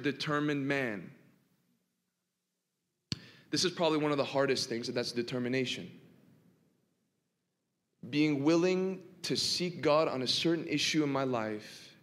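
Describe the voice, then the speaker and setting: A man preaching a sermon in a church, swinging from hushed to impassioned and asking the congregation rhetorical questions. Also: medium pitch. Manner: dramatic, swinging from quiet to impassioned. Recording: long reverb of a large hall.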